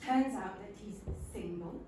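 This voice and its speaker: An older woman, performing a comic stage monologue in a wry, self-deprecating, expressive manner. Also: medium pitch, measured pace, background noise. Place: theatre stage. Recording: roomy theatre, from a distant mic.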